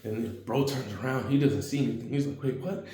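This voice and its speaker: A man narrates a homemade fan story in loose, slangy fashion, stumbling through fillers. His voice is dark and mellow, and the room sounds echoey. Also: mid-range voice, fast. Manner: rambling and slangy, many fillers.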